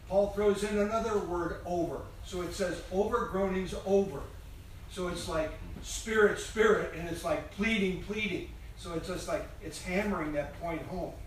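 Earnest man heard from across an echoey room. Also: high-pitched. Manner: earnest, repeats words for emphasis. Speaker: class participant. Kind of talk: explaining a point in discussion. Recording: echoey, distant, noisy room.

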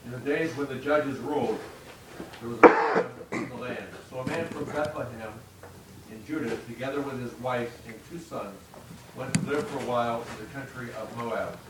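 A man reading a scripture passage aloud in a plain, unhurried way. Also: mid-range voice. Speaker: scripture reader. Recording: distant echoey mic with background noise.

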